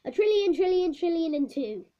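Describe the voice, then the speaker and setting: A woman's voice: extremely high pitch, very animated, normal speed, dark tone, voice pushed up. A woman voicing a smug, know-it-all schoolboy genius who shows off his answers. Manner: triumphant, showing off. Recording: dull lo-fi recording.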